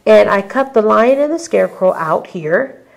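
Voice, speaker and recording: A woman's voice: mid-range voice, lively intonation, moderate pace, gravelly, rough recording. A woman casually walking viewers through a handmade scrapbook album, chatty and full of ums and little asides to the audience. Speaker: crafter showing a handmade album. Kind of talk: casual show-and-tell tutorial.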